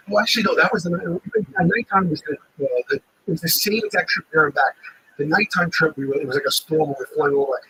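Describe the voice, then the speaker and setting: A man in casual chat, retelling a story in an animated way, swearing freely and acting out what others said. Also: on the high side, slight background noise, poor audio. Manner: animated, swearing, acts out quotes. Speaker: livestream host.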